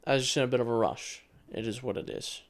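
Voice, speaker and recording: A man's voice: medium pitch, lively intonation, quick pace. A man in his twenties co-hosting a podcast, rambling through a story in casual chat and swearing now and then. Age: 20s. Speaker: podcast co-host.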